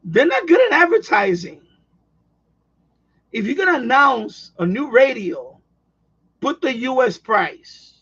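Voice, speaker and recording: A man hosting a radio hobby livestream, chatting casually with viewers in a rambling, excitable way with many restarts. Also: very high voice, unhurried, vocal fry, husky, dull audio. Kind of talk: casual livestream chat reading viewer comments.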